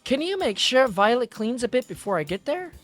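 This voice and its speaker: A man's voice: very high-pitched, big pitch swings, brisk, fairly bright tone, soft background music, pitched above the performer's own voice, full character voice. A man putting on a gushing motherly woman on voicemail. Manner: bubbly, gushing, put-on accent. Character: cheery motherly middle-aged woman on voicemail.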